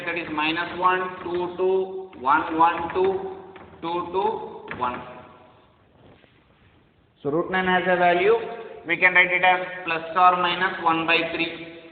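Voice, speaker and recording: A man's voice: high voice, a little hiss or hum. Man teaching math in an echoey, tinny recording. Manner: slow, step-by-step, reading out numbers. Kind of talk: recorded lecture working through examples. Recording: tinny, echoey, reverberant hall sound.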